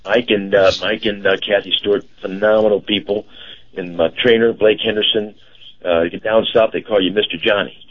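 A man co-hosting a casual radio show. He talks in a halting, chatty way with many fillers. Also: fairly low pitch, steady tone. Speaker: radio co-host and car dealer. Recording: dull lo-fi radio broadcast.

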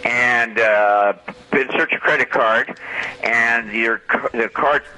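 A man co-hosting a radio talk show, explaining things in a halting way with many restarts. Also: mid-range voice, steady tone, pushed and bright, rough recording. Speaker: radio co-host.

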